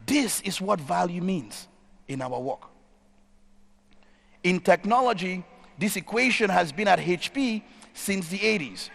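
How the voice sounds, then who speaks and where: A man's voice: high-pitched, gravelly, a bit bright. A man giving a conference keynote, telling a story and stressing points by repeating them. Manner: storytelling, emphatic repetition. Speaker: keynote speaker. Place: conference stage in a large hall. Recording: hall reverb.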